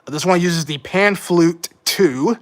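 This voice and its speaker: A man's voice: high voice, takes it slowly. Rambling man hosting a keyboard stream. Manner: rambling, self-correcting, mild frustration. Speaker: livestream host. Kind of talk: casual live commentary.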